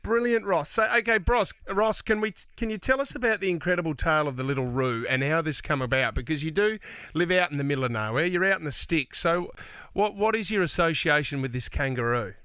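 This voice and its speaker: A man's voice: a little high, brisk, pushed and bright, clean tone, no echo. A man hosting a radio show, interviewing a guest with upbeat enthusiasm. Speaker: radio host.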